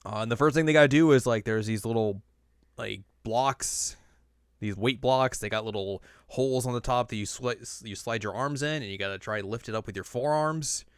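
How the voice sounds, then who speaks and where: A young man hosting a casual podcast, recapping an anime episode and acting out the characters in high, silly voices. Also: normal speed, clean tone, no echo, studio quality. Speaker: podcast host.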